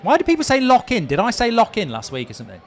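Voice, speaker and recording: Fast-talking high-voiced man. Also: huge pitch swings. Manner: joking, quick banter. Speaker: co-commentator. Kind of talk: live match watch-along commentary.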